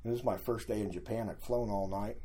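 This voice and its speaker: An older man with a low, husky voice spins a casual story as a guest. He tells his anecdotes with energy and slips into the voices of the people in them. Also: quick pace. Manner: animated anecdotes, acting out quoted voices.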